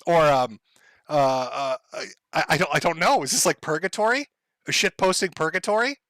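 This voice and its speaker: A man's voice: fairly high pitch, normal speed, a bit bright, dry recording. A man hosting a livestream, ranting in a sardonic, profane way and laughing often. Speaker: livestream host. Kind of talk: casual livestream rant.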